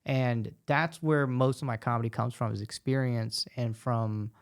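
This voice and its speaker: A man who is a stand-up comedian and guest, talking casually and animatedly, telling stories with quick asides. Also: medium pitch, fairly even intonation, clean tone. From United States. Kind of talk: casual podcast conversation.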